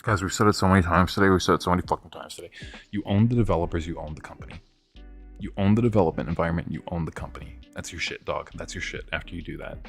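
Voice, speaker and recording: A young man in his twenties streams live, ranting about tech news in an excitable, profane way and breaking into laughter. His voice sits very low, and faint music plays underneath. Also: rapid-fire. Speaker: livestream host. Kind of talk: livestream rant.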